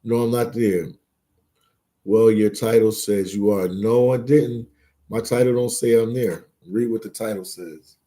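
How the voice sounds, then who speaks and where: A man's voice: on the low side, steady tone, measured pace, warm tone. A man hosting a casual live stream, reading chat aloud and bantering, repeating words and phrases as he goes. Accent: Philadelphia.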